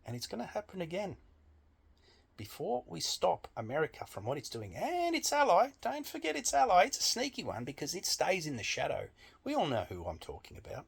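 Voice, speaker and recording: A man's voice: fairly high pitch, vocal fry, a bit bright, slightly rough. A man delivering a blunt, emphatic opinion monologue with frequent swearing. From Australia. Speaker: political commentator.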